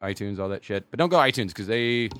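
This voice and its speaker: Bright-voiced profane male comedian. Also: on the low side, fast, clear, resonant tone. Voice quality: profane, rambling, animated. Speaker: stand-up comedian guest. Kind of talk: casual podcast chat.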